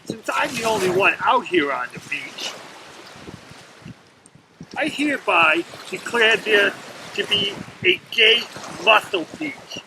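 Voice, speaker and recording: A man's voice: sits high, lively intonation, slow, long pauses, background noise. A man chatting casually into his laptop on a lakeshore beach, rambling through a story and his day. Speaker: vlogger. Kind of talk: casual outdoor video diary. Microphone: laptop webcam.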